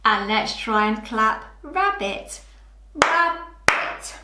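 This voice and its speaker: Slow sing-song woman teaching small children. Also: a little high, expressive, reverberant, heavy background noise. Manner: slow, clear and exaggerated, stretching rhyming words. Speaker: preschool teacher.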